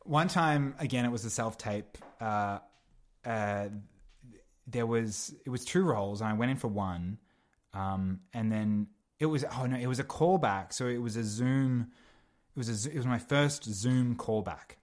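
A man's voice: mid-range voice, a little slow, a little mellow. A young man, an actor guest on a podcast, chatting casually and meandering through his thoughts with lots of fillers and restarts. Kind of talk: casual chat.

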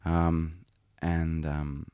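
A man's voice: extremely low pitch, little pitch movement, very slow, dark tone, clean tone, no echo. A young man with a mild Australian accent, chatting as a podcast guest and rambling a little with fillers and restarts. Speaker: podcast guest, singer-songwriter. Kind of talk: casual interview chat.

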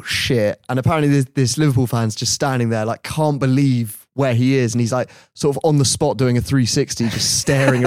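A man hosts a podcast and tells an anecdote in a casual, lively way, chuckling as he goes. His voice sits in a middle register. The recording is dry and close, with no room sound. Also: mid-range voice, dry recording. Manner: animated anecdote-telling, laughing often. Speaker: podcast host. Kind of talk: casual storytelling.

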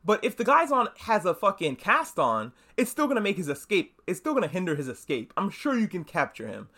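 A man hosting a casual solo podcast, recapping a show in an animated, loose way, swearing often and acting out characters' lines in quick voices. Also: high voice. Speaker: podcast host.

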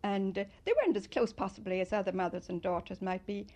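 An older woman from Ireland, fondly recalling her childhood in an interview and telling it in an animated way. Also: medium pitch, fast. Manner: fond, animated storytelling with loud mimicry. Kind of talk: reminiscing interview.

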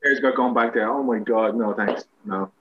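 A man's voice: medium pitch, fairly even intonation, moderate pace, narrow, tinny audio, a crowd in the background. An Irish man, a guest actor, telling rambling, self-mocking anecdotes with many restarts in a casual interview.

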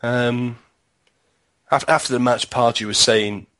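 A man on a football podcast panel, talking in halting bursts with frequent restarts. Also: medium pitch, steady tone, fairly bright tone. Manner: halting, restarts words often. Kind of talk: casual football podcast chat.

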